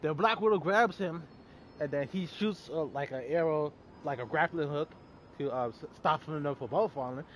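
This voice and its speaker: In a somewhat high voice at a moderate pace, a man reviewing movies rambles through a casual, spoiler-filled plot recap, loaded with fillers and the occasional curse word. Slight background noise runs underneath.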